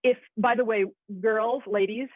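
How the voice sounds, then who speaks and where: Woman acting coach, chatty webinar teacher, husky, phone-thin sound. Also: a little high, fairly even intonation, unhurried, no room sound. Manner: chatty and enthusiastic, with asides. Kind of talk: webinar lesson. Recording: tinny phone-like audio.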